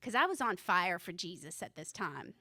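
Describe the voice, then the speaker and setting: A woman's voice: on the low side, sing-song, normal speed, sharp tone, no room sound. A woman in her forties doing a stand-up comedy set on a club stage, nervous and self-deprecating, laughing at her own jokes. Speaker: student stand-up comic.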